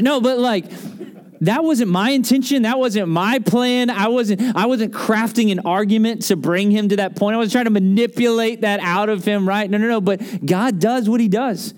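Male pastor, higher register, conversational sermon delivery with plenty of asides. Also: moderate pace. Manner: conversational, animated storytelling with asides.

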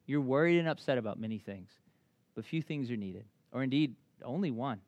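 A man preaching a sermon as a pastor, candid and conversational, often restarting his sentences, slowing and softening for reflective passages. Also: mid-range voice, lively intonation, no echo, lo-fi sound.

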